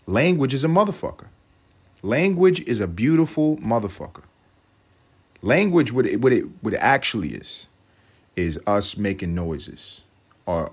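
A man, from Harlem, hosting a podcast with a brash, profane, rambling comic monologue. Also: fairly low pitch. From Harlem, New York. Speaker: podcast host. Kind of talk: comedic monologue.

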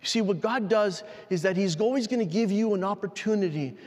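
A man preaching a sermon, telling a personal story in a halting, emotional way with frequent restarts. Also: high-pitched, a little mellow. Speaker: pastor. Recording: long hall reverb.

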